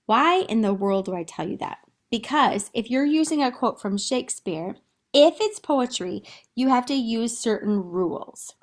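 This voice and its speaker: A woman's voice: fairly high pitch, lively intonation, moderate pace. A woman teacher giving a recorded literature lesson over slides, chatty and thinking aloud with small fillers and restarts.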